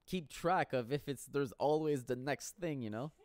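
A man's voice: mid-range voice, normal speed, no echo. A man telling stories in a casual solo monologue, rambling and profane with frequent laughter.

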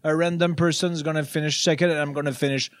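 A man's voice: a little high, fairly even intonation, quick pace, no room sound, clean studio sound. A man with a French accent, a native French speaker, doing an improvised comedy bit, laughing often and over-enunciating each syllable.

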